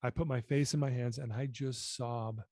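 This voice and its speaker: A man's voice: medium pitch, fairly even intonation, normal speed, darkish tone, dry recording, clean studio sound. A man in his fifties telling his personal story as a podcast guest, earnest and emotional.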